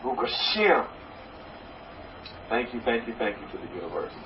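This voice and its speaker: A man's voice: medium pitch, big pitch swings, moderate pace, background noise. A man preaching as a rabbi, folksy and repetitive, mixing jokes into his sermon. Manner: repetitive, folksy, joke-telling, repeats a blessing refrain. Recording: distant, roomy, dull recording.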